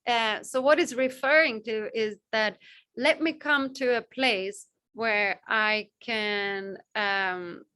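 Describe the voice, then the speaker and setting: A woman with a Balinese accent teaches spirituality in a loose, rambling way. Her voice sits high and sounds bright and clear. She circles back to the same phrases and acts out little quotes.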